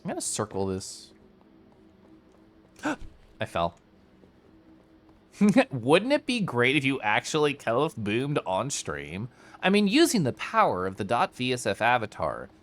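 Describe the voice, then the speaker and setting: Animated young man chatting on stream. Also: mid-range voice, unhurried, pauses often. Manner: animated, laughs often, talks to chat in a flowing monologue. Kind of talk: casual live-stream chat while gaming.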